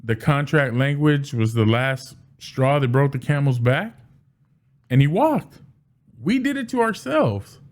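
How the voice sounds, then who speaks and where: A man giving casual solo commentary as a sports fan, animated, often restarting and repeating words. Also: medium pitch, measured pace.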